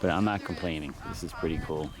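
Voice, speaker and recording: A man hosting a travel vlog outdoors, talking excitedly and out of breath after a steep hike. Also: a bass voice, fast talker. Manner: enthusiastic, exclaiming at the view. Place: outdoors on a windy hillside. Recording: loud wind noise outdoors. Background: wind.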